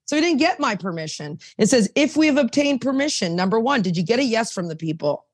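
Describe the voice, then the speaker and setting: A woman's voice: a little high, big pitch swings, quick pace, breathy edge, dry recording, clean studio sound. A woman podcast host and recovery sponsor, talking in a fired-up, digressive way, reading passages aloud and preaching. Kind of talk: casual recovery podcast chat.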